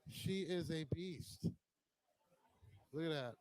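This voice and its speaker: A man's voice: fairly high pitch, slow, darkish tone, dry recording, rough recording. A man hosting a casual walkaround of a bike show, chatting admiringly and joking, recorded on a handheld camera as he walks. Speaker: host.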